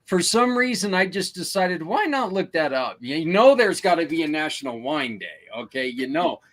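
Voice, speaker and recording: A man co-hosting a casual live podcast over a video call, talking in friendly, halting bursts with lots of stumbling restarts. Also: fairly high pitch, big pitch swings. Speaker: podcast co-host.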